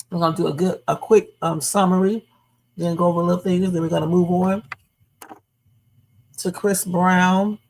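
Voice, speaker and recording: A woman hosting a late-night livestream, talking casually and chatting straight to her viewers as "y'all". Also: lowish voice. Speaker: livestream host. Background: faint music.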